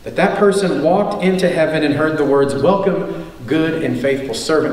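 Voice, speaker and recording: A man's voice: on the high side, normal speed, a little mellow. A male pastor preaching an earnest sermon, stressing his points through repetition. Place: church sanctuary. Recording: echoey church hall, mic at a distance.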